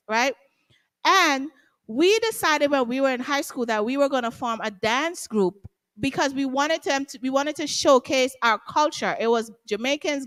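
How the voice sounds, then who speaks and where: Interview guest: woman, high voice, emphatic and passionate. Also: a bit bright. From Guyana. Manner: emphatic, passionate, rhetorical tags like "right?". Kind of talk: casual interview talk.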